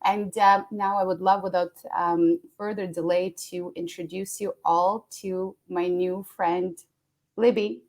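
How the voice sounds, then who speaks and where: A woman's voice: on the low side, steady tone, unhurried, a little mellow. A woman hosting an interview, talking in an effusive, emotional way and laughing often. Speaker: podcast host. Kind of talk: conversational interview.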